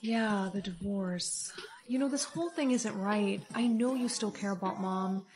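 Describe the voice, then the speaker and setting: A young woman in her teens narrating a POV storytime in a lively, sassy manner, with a text-to-speech sound. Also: mid-range voice, measured pace, background noise. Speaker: narrator and main character.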